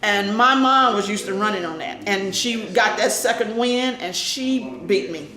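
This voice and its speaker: An older woman animatedly telling a family story in an interview, laughing often and acting out the voices of people in it. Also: unhurried. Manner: lively, laughing, acts out voices in high shouts. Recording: echoey room with faint noise.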